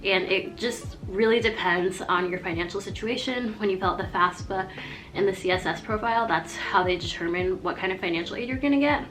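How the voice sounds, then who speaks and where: Over background music, a college-age woman talks a little fast at a medium pitch, giving casual advice on her vlog. She's chatty and meandering, with "like" popping up constantly.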